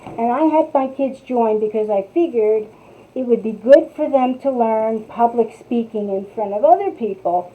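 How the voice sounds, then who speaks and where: Woman, middle-aged, North New Jersey accent, rambling craft chat, unhurried, thin phone-like sound. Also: fairly high pitch, husky. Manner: rambling, chatty, talks to viewers by name. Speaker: craft tutorial host. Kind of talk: casual chat while crafting.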